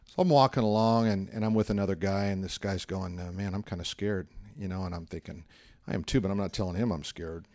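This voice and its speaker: A middle-aged man gives a sermon in a relaxed, chatty way. His voice sits somewhat low, and he slips into the voices of the people in his stories as he tells them. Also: fast, few pauses. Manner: conversational storytelling, acts out quoted voices. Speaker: pastor.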